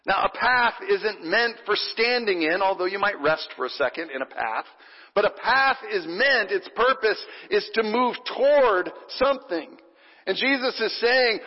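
High-voiced pastor preaching in a reverberant church. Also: male voice, moderate pace. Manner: playful and animated, leads the congregation in call and response. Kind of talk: sermon. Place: church sanctuary. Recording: dull recording with long hall reverb.

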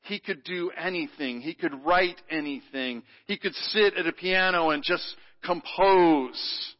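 A man's voice: a little high, unhurried. Man preaching in a reverberant church. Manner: playful, leads congregation in call-and-response. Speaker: pastor. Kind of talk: sermon. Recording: muffled sound with long hall reverb.

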